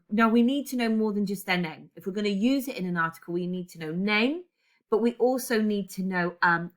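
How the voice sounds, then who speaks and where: A woman's voice: mid-range voice, pushed and bright. A woman in her forties teaching a class, chatty and digressive, often correcting herself as she goes. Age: 40s. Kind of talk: classroom lesson.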